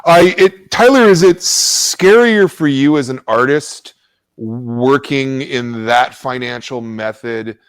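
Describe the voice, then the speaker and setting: A man's voice: mid-range voice, slow pace, smooth, no echo. A man hosting an interview, asking casual questions and repeating words as he stammers. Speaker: interview host.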